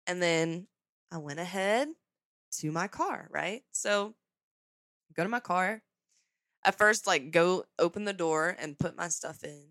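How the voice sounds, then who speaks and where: A young adult woman hosting a podcast, telling a story in a casual, sarcastic, animated way. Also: fairly low pitch, measured pace, long pauses, no echo. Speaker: podcast host.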